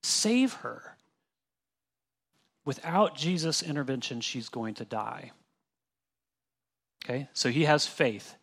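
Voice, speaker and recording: A man's voice: mid-range voice, measured pace, gravelly, pauses often, a bit bright, husky. A young man leading a casual Bible study, talking through a passage verse by verse in an easy, conversational way. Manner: conversational, with restarts and acted-out asides.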